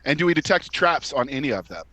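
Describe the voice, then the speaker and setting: Bright, playful male player. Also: fairly high pitch, very animated, quick pace, low-quality recording. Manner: playful, reads chat aloud. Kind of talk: casual tabletop game chat.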